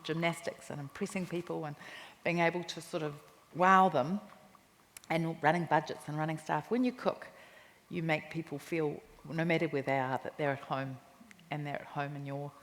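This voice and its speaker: A woman with a New Zealand accent, a cookbook author telling lively anecdotes in a stage interview at a live festival talk. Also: sits low, moderate pace. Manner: animated anecdotes with quoted voices and laughter. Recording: reverberant hall with faint noise.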